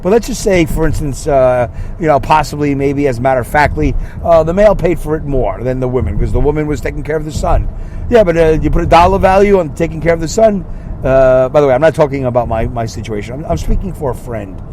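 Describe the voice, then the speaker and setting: Man, middle-aged, podcast host, solo monologue, slightly high voice, wry sarcastic digressions. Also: fast talker, darkish tone, slight background noise.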